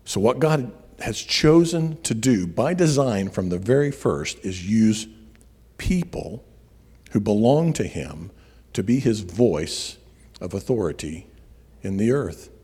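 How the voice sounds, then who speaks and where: Husky preacher in a reverberant hall. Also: male voice, fairly low pitch, lively intonation, darkish tone. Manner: storytelling preacher, slows for emphasis. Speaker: pastor. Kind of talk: sermon. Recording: long reverb of a large hall.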